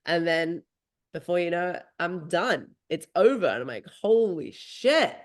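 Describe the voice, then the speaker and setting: A woman in her thirties hosting a podcast, telling a story in a lively, casual way and swearing freely. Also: fairly low pitch, normal speed. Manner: animated, swearing freely, acting out her own thoughts. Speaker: podcast host.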